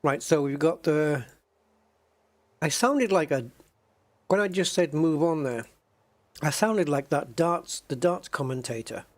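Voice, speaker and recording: A man's voice: on the high side, measured pace, long pauses. A man chatting casually with viewers while he plays a game at his desk, thinking aloud and humming to himself as he waits. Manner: chatty, addresses viewers as guys. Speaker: streamer playing a space game. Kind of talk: casual live-stream chat. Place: home desk with joystick.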